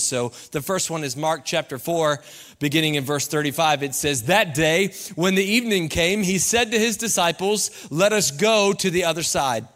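A young man preaching a sermon as campus pastor, conversational and animated, climbing high and loud when he acts out asides.

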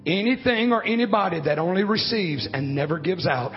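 A man in his fifties preaching a sermon, swinging from low, quiet talk to loud shouting. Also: animated, a little fast. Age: 50s. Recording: dull lo-fi recording with faint music.

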